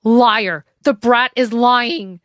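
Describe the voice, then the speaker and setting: Female narrator as a cowardly male billionaire in an audiobook, shrill, blustering, bullying. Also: extremely slow, a bit bright, no room sound, studio quality. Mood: screaming, frantic.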